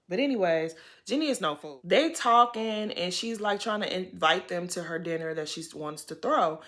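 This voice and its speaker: A woman's voice: fairly low pitch, lively intonation, fairly quick, few pauses, a bit bright. A woman giving an opinionated, casual recap of a reality TV episode, full of "girl" asides and pointed questions. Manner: sassy, opinionated, calls people "girl". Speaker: TV recap host.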